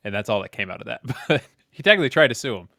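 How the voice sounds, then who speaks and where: Young male co-host, easygoing and laughing, bright low voice, dry sound. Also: big pitch swings, rapid-fire, creaky, no echo. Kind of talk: casual chat reviewing a movie.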